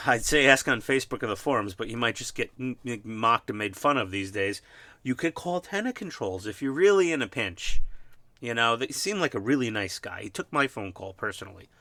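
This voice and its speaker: A man's voice: mid-range voice, pushed and bright, dry recording. A man from New York with a New York accent, chatting casually as he builds a scale model, rambling and self-mocking with many fillers. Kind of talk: casual workshop chat. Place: home hobby workbench.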